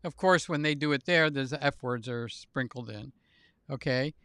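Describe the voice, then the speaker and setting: Man, livestream host, animated joke teller, smooth clear voice, dry close sound. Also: mid-range voice, normal speed, no room sound. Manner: animated joke-telling, laughs at own jokes. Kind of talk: casual chat with guests.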